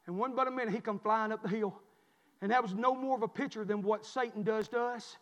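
A man preaching a sermon, swinging from quiet storytelling to shouted preaching. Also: very high voice, a little fast, in a large hall. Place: church.

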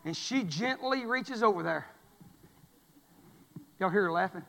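A male pastor preaching a folksy sermon, swinging from quiet asides to loud exhortation. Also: high-pitched, animated, unhurried, vocal fry, in a large hall. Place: church sanctuary.

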